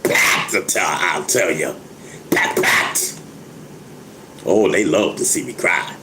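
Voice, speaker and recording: A man's voice: low voice, slow pace, pushed and bright, slight background noise, rough recording. An older man, talking casually to his viewers, stammering, repeating words and laughing often. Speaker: vlogger, rapper. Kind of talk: casual livestream monologue.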